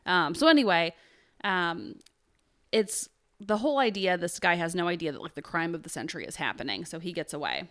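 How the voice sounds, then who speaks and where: A woman's voice: on the low side, animated, a little fast, fairly bright tone. A woman co-hosting a casual true crime podcast, chatty and jokey, with lots of "um" and "like" as she reads quotes and figures from her notes. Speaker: podcast co-host telling a true crime story.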